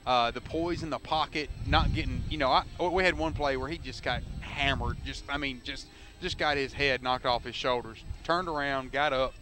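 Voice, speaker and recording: A man doing color commentary on high school football, excitable and rambling with lots of repeats. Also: normal speed. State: out of breath.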